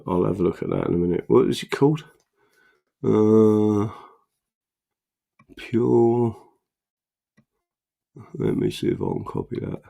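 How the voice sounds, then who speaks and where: A middle-aged man runs a casual livestream from home, reading out viewer comments. His low voice has a gravelly, creaky edge. He rambles, jumps up into animated bursts, then drops to mutters while fiddling with his screen. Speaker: political livestream host.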